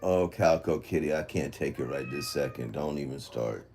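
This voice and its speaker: A man's voice: extremely low pitch, moderate pace, noisy background. A man livestreaming an emotional apology from his phone at home, frustrated and swearing, muttering to himself.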